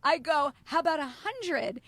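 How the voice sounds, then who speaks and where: A middle-aged woman chatting on a podcast, high-pitched and swinging widely in tone as she tells a story. She acts out each person in the story. The sound is close and dry. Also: measured pace, no echo. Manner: animated storyteller acting out dialogue. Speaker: podcast co-host. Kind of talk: casual chat.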